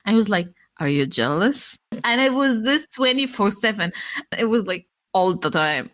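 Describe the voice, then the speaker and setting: A woman telling a story in casual chat, acting out other people's lines in a raised voice, laughing often and swearing freely. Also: moderate pace. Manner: animated, acts out quotes in raised pitch, laughs often, swears. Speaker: former e-pal guest.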